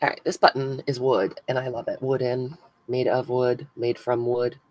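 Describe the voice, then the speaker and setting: A woman's voice: a bass voice, flat delivery, moderate pace, no echo, muffled recording. A woman hosting a casual craft live stream, chatting with viewers by name as she glues buttons and thinks aloud. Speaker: craft channel host. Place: indoors at a crafting table.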